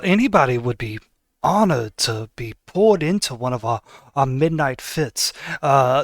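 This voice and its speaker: Silky, menacing tailor for a tabletop game, a man putting him on, slightly high voice, dry close sound. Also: fairly bright tone, dry recording. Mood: grandly persuasive. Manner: polite, silky and ominous. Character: smooth elegant menacing male tailor of assassins.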